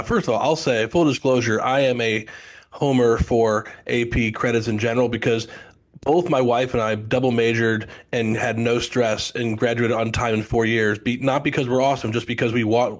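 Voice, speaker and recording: A middle-aged man talks in a loose, rambling storytelling style, full of asides and self-corrections. His voice sits at an ordinary, middle pitch for a man. He sounds like a guest on a relaxed podcast explaining his business. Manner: chatty storyteller, many restarts and asides. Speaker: guest, founder of test prep company. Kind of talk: casual podcast interview.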